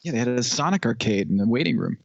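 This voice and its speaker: Male co-host from Connecticut, deadpan, dull line. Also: medium pitch, quick pace, vocal fry, noisy background. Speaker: podcast co-host. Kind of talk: casual group chat.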